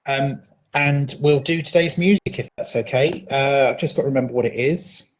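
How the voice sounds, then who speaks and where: Steady man co-hosting. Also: medium pitch, moderate pace, rough recording. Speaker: co-host. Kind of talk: casual chat, reading out viewer comments.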